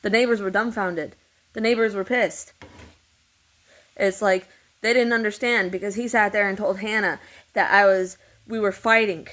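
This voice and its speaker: A woman's voice: medium pitch, fairly even intonation, normal speed, fairly bright tone, poor audio. A woman telling a long personal story in a meandering, repetitive way, swearing freely. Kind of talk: rambling personal monologue.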